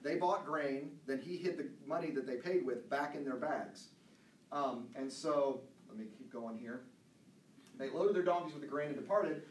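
This man's higher voice is recorded from afar in a church room, with roomy echo, faint ambience, and slight background noise. He teaches a casual Bible study, reading passages aloud and wandering into plenty of asides.

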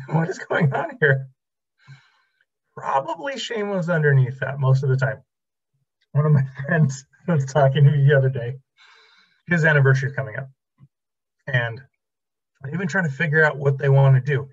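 A man's voice: on the high side, animated, normal speed, pauses often, slightly rough, highs cut off. A man teaching a relationship class in a casual, conversational lecture, telling stories and acting out dialogue. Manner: conversational, acts out quoted dialogue. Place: library classroom.

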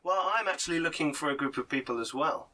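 A man's voice: fairly high pitch, fast talker, bright, forceful tone, recorded from a distance. A game master voicing a shady male informant in a confiding, hesitant manner. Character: shady male street informant, sly and wary. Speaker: non-player character.

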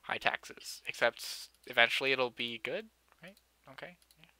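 A young man talks through his city-building game in a loose, joking way, full of dry sarcasm and jabs at himself. His voice is very bright and tight. The sound is dry and close, with no room around it. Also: medium pitch, moderate pace, clear, resonant tone, no room sound. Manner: joking, sarcastic, self-mocking, often laughing. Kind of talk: casual let's-play commentary.

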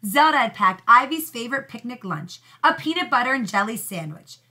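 A woman teacher reading a storybook aloud to young pupils with expressive storytelling. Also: on the high side, brisk.

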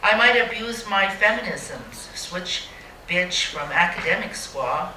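Speaking on the low side with lively intonation, this woman poet takes her time, her tone sharp and her dry humor wry and mocking. It's a live reading in a museum gallery, caught by a distant mic in a roomy hall with a little background noise.

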